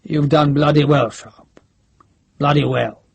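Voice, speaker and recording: A man voicing a gruff, blunt middle-aged Scottish major general who has a head cold, drawing out his curses. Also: on the high side, steady tone, no room sound, lo-fi sound, exaggerated voice. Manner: blunt, swearing, drawn-out.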